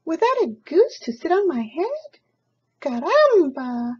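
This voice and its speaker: A woman putting on a squealing, excitable hen. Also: very high-pitched, slow pace, lo-fi sound, voice pushed up, heavily acted. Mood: alarmed. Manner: squealing exclamations. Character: excitable hen, female, dramatic.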